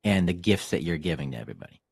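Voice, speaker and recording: Deep, husky male interview host. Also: expressive, racing, a little mellow, no echo, clean studio sound. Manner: brief supportive affirmations. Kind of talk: radio interview.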